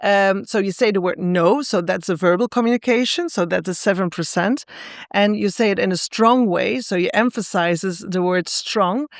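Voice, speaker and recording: A woman speaks as the guest on a podcast, working through her explanations with frequent pauses, fillers and restarts. Her voice is smooth and resonant, captured dry and close. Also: medium pitch, dry recording. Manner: hesitant, lots of fillers and restarts. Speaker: guest author.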